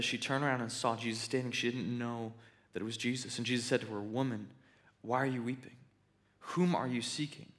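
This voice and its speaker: A man preaching a sermon in an animated, conversational way with joking asides. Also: fairly high pitch. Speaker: pastor.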